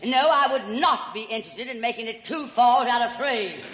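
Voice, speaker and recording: A woman's voice: a little high, normal speed, big-room sound, heavy background noise, pitched above the performer's own voice, close to an everyday voice. A woman playing a brash young Southern belle. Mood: coy then indignant. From Alabama. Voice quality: drawling, sugary, theatrical.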